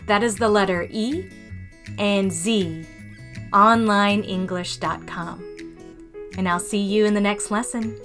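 A woman hosting a podcast English lesson, reading example phrases slowly and clearly. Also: mid-range voice, steady tone, over music. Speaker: English teacher and podcast host.

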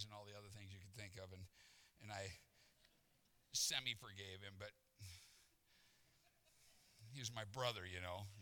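Pastor, man, middle-aged, gravelly and bright, animated sermon storyteller. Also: mid-range voice. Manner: animated storyteller, acts out exasperation.

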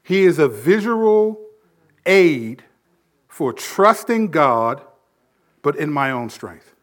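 A man preaching a sermon, his voice sitting a touch higher than most men's. He swells loud on key points, then falls quiet and low to drive them home. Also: very animated, slow. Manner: preaching with emphatic swells and drops in volume. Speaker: pastor.

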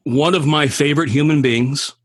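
A man's voice: on the high side, steady tone, moderate pace, husky, no echo, studio quality. A man on a casual podcast chat, blunt and opinionated, swearing casually.

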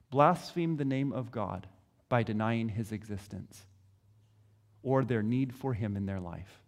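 A man preaching a sermon, earnest and questioning, with measured pauses. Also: medium pitch, big-room sound. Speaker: pastor.

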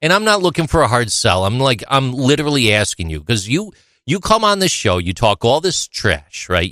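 Male podcast host, mid-pitched, expressive and teasing, dry studio sound. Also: moderate pace, no room sound. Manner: enthusiastic, rambling, teasing praise. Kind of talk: casual podcast chat.

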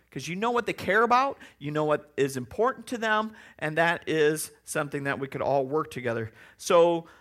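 A preacher giving a conversational sermon, full of lively storytelling. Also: mid-range voice.

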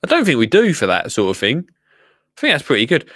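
A man's voice: medium pitch, huge pitch swings, fast talker, fairly bright tone, no echo. A man with an English accent hosting a live show, chatting casually with a jokey, rambling manner. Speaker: show host.

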